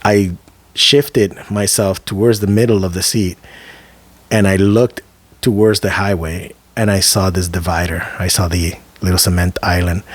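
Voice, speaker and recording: A man with a lowish voice co-hosts a casual podcast. He tells his story vividly and emphatically, drawing out the dramatic moments and dropping easy slang asides. The sound is close and dry, with no room echo. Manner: loose and conversational, with slang asides. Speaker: podcast co-host.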